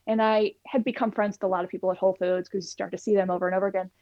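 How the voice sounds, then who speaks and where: A woman's voice: mid-range voice, fast, hardly any pauses, no room sound. A woman, a plant-based cooking instructor, telling her personal story as a guest in an interview and acting out the dialogue. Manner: animated, acts out quoted dialogue. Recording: dull lo-fi recording, dry.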